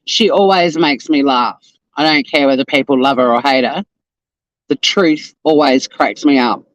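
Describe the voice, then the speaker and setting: In this low-quality recording, a medium-pitched Australian man speaks at normal speed with no room sound. He's a lawyer and live-stream host chatting casually from his car on the way to work, greeting viewers by name and swearing now and then.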